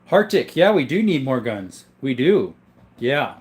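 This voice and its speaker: A man hosting a casual livestream from his home, reading viewer questions aloud and answering them one by one in a relaxed way. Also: medium pitch, measured pace. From southern Arizona. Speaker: gun channel host reading live chat. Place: indoor room full of guns.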